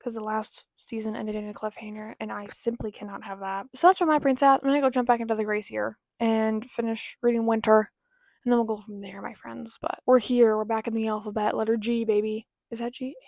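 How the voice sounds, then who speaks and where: A young woman chatting casually in a reading vlog, rambling and self-deprecating, with quiet asides now and then. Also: on the high side, fairly even intonation, fairly quick, vocal fry, no room sound. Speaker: book vlogger.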